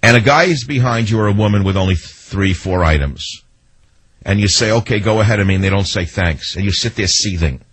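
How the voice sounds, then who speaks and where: A man's voice: sits low, normal speed, fairly bright tone, husky, no echo, rough recording. A man hosting a talk radio show, telling sarcastic stories and mimicking the people in them. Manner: sarcastic, storytelling with mimicked quotes. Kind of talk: monologue to listeners.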